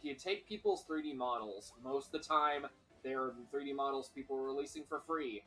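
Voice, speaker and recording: A man's voice: medium pitch, brisk, a bit bright, faint music behind, rough recording. A man on a casual game stream, rambling through a story with lots of fillers and swearing. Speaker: streamer co-host.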